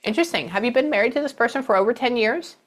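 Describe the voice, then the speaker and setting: A woman's voice: a little high, rapid-fire, a bit bright. A middle-aged woman giving a psychic reading, chatting away and acting out the messages she passes on. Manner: chatty, relays messages with quoted voices.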